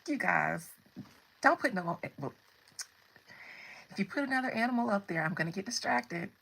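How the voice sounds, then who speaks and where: A woman's voice: mid-range voice, expressive, normal speed, gravelly, fairly bright tone, husky, poor audio. A woman hosting a casual tarot livestream, chatting with viewers and laughing often. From United States. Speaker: tarot reader and livestream host.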